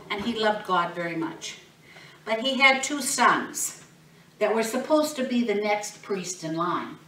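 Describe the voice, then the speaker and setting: Bright-voiced woman telling Bible story. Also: medium pitch. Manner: animated, expressive, asks kids questions. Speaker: children's Bible teacher. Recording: roomy, distant mic, faint noise.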